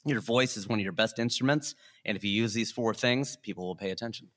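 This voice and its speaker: A man speaking as a comedian guest on a podcast, talking deliberately and playing with his pitch and loudness for emphasis. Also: expressive. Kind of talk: casual interview chat.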